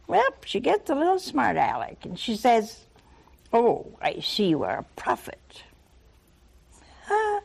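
An older woman preaching a sermon, telling a Bible story with lively rhetorical questions and acted-out dialogue. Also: a little high, vocal fry.

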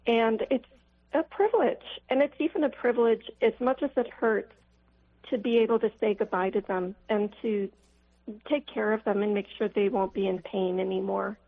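Gravelly woman in her fifties on the phone. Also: mid-range voice, steady tone, moderate pace. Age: 50s. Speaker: caller. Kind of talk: call-in radio caller. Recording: tinny phone line.

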